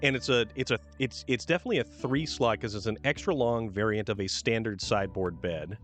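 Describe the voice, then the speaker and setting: Over faint music, a streamer host talks a little fast in a low, slightly bright voice. His casual gameplay chat includes reading vehicle and truck descriptions aloud.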